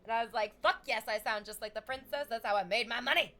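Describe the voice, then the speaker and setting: A young woman streamer chatting casually with viewers, animated and swearing freely, her voice leaping up in excited bursts. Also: a little high, quick pace.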